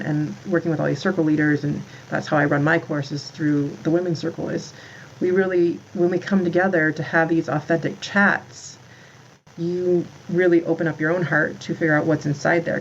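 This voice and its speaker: Her deep, gravelly voice stays level at a moderate pace, and the audio is dull with slight background noise. She's in her thirties, founded a moms' community, and rambles about motherhood as a podcast guest in a casual interview, full of "like" and restarts.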